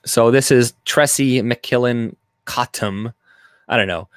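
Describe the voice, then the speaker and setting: A man's voice: mid-range voice, takes it slowly, clean tone, no room sound, clean studio sound. Rambling, crude man streaming live. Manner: rambling, loose, crude off-color joking. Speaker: live-stream host reading chat. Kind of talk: casual live-stream commentary.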